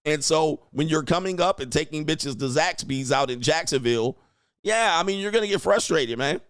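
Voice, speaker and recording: A man's voice: fairly high pitch, lively intonation, normal speed, fairly bright tone, clear, resonant tone, no room sound, clean studio sound. A man hosting a reaction commentary show, mocking and lecturing the people in the clips he plays, often laughing. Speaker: commentary channel host.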